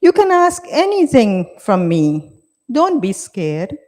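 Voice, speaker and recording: A woman voicing a young daughter who gently and sadly turns down her mother, in a reverberant hall. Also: fairly high pitch, sing-song, takes it slowly. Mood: regretful. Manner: gentle, apologetic. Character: young daughter, loving but refusing.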